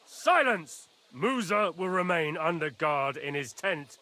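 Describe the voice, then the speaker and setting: Short-fused noble knight, bright and cutting, shouting orders and curses. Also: male voice, on the high side, measured pace. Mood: angry. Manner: angry, barking, foul-mouthed. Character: hot-tempered noble knight commanding a camp. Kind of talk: video game dialogue.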